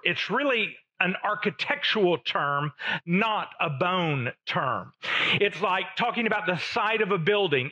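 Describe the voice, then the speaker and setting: A man preaching a sermon, teaching slowly and deliberately with emphatic pauses. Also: sits high, bright, forceful tone, lo-fi sound. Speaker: pastor.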